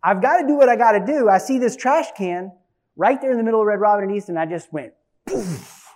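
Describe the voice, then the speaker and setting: A fortysomething pastor preaches a sermon full of personal stories, his fairly high voice moving at a brisk clip. Animated throughout, he shifts from punchy, loud outbursts to quiet asides.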